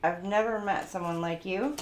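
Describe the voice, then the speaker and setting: A woman with a mid-range voice speaks at a normal speed, giving her viewers a casual, playful tarot reading and reading the card messages aloud, sometimes getting goofy. The recording has a roomy echo and faint background noise.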